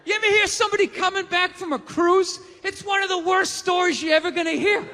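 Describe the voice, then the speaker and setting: A man's voice: very high-pitched, steady tone, fairly quick, bright, forceful tone, a faint crowd, slight background noise. A man performing a scornful, emphatic stand-up comedy routine full of swearing. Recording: live theater with long reverb and audience.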